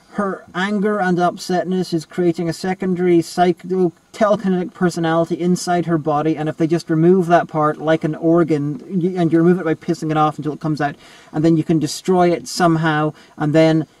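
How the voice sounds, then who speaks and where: A man's voice: a little high, level tone, brisk, a little mellow, no echo, poor audio. A man in a casual film review chat, rambling and digressive, full of "you know" and "like".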